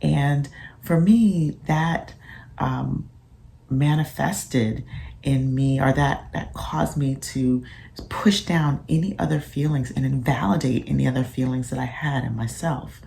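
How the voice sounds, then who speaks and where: Very low, gravelly-voiced woman vlogging. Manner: soft-spoken and thoughtful, with frequent pauses. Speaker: physician and mother sharing parenting reflections. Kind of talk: casual reflective vlog.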